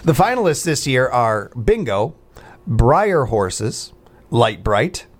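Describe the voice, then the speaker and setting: A man hosting a morning radio show in a studio, speaking at an ordinary middle pitch. He chats casually and jokes around, laughing at his own gags. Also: big pitch swings, slow pace. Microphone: studio microphone.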